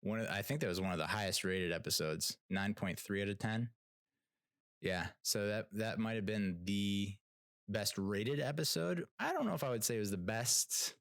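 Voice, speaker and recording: Young male podcast host, lowish voice, loose rambling delivery, dry close recording. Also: lively intonation, moderate pace, fairly bright tone, dry recording. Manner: rambling, frequent restarts and fillers, laughs at own jokes, swears casually. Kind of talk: casual solo commentary.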